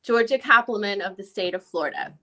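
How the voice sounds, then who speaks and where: A woman's voice: mid-range voice, lively intonation, fairly quick, bright, forceful tone. A woman reading the part of a defense lawyer with a put-on Jamaican accent, questioning a witness in a formal, methodical way during an amateur dramatic reading.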